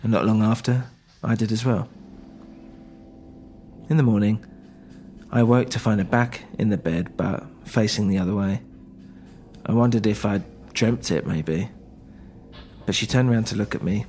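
Male narrator, lowish pitch, first-person story reading, slightly halting. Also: darkish tone.

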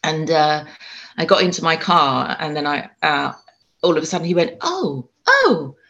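A woman's voice: sits low, steady tone, vocal fry, fairly bright tone, muffled recording. A woman, an author and spiritual medium, telling her story in an interview, with frequent ums and restarts. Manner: halting, many restarts and ums.

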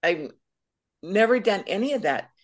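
A middle-aged woman, a guest speaker, sharing her personal faith testimony as an animated storyteller. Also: medium pitch, moderate pace.

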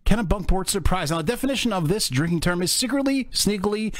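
A man's voice: high voice, lively intonation, fast talker, hardly any pauses, a bit bright, dry recording, clean studio sound. A man co-hosting a crude, casual podcast, joking and teasing, laughing often. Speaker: podcast co-host.

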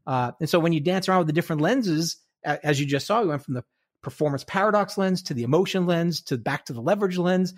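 Higher-voiced man explaining eagerly. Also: fast talker. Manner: explanatory, lively, many restarts. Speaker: podcast guest, author. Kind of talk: casual conversation.

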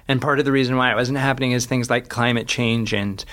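A man's voice: mid-range voice, fairly even intonation, fast, a bit bright. A man, a guest author, reflecting on his experiences in an earnest conversational way, often restarting sentences and laughing as he tells stories.

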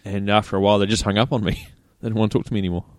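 A man's voice: fairly low pitch, rapid-fire, dry recording, studio quality. A New Zealand man co-hosting a podcast in laid-back casual chat, laughing and acting out quotes. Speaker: podcast co-host.

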